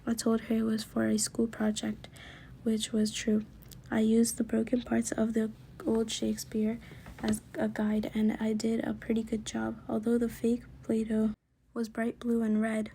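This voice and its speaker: A woman reading a children's book aloud in a soft, often whispered narration. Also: a little high, completely flat delivery, a little slow, a little hiss or hum. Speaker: story reader.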